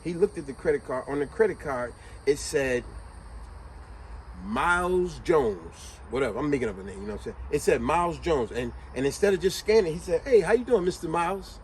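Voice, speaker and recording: A man's voice: mid-range voice, brisk, a little hiss or hum, rough recording. A man telling a motivational story in a casual, slangy way, full of rhetorical questions to his viewers. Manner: animated, slangy retelling with lots of rhetorical questions. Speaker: motivational vlogger.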